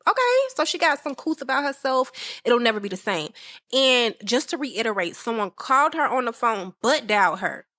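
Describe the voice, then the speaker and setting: Woman podcast host, casual music talk, lively and playful, higher voice. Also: no echo, clean studio sound. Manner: chatty and animated, acting out friends' reactions.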